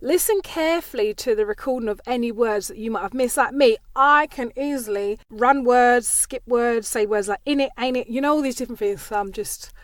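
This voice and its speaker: A woman with an East London Cockney accent giving speaking tips on a podcast, quick and chatty, tagging questions with "yeah?" and "right?". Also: on the high side, no echo, studio quality. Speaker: voice and speaking coach.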